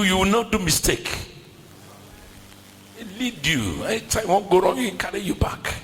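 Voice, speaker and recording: A man's voice: high-pitched, very animated, moderate pace, fairly bright tone, in a large hall, a little hiss or hum, poor audio. A man preaching a sermon in a church with a West African accent, emphatic and repetitive, calling out to the congregation. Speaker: pastor.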